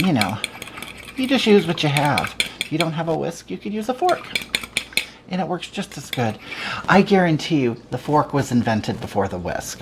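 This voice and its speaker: A self-styled glamorous home cook, played by a woman with a low voice that swoops wildly up and down. She rambles on with theatrical, sing-song emphasis while hosting a comedic cooking show. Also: noisy background.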